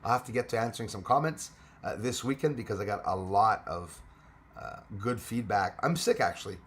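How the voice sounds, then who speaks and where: A man's voice: fairly low pitch, animated, a little fast, a bit bright. A man hosting a casual livestream, greeting commenters by name, laughing often and chatting loosely. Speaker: livestream host. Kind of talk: casual live chat with viewers.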